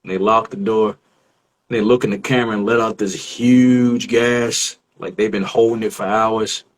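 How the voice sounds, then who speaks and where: A man on a casual discussion show who talks in a reflective, measured way and searches for his words. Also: on the low side, steady tone, rough recording.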